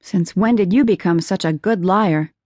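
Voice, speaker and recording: A woman's voice: lowish voice, moderate pace, darkish tone, no room sound, studio quality, pitched below the performer's own voice, natural voice. A woman reading a terse young woman lawyer. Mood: murmuring. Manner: terse, guarded.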